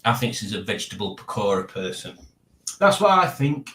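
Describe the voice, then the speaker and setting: A man's voice: lowish voice, big pitch swings, normal speed, sharp tone, echoey room. A man hosting a live-stream quiz in casual chat, rambling and jokey as he reads viewer comments aloud.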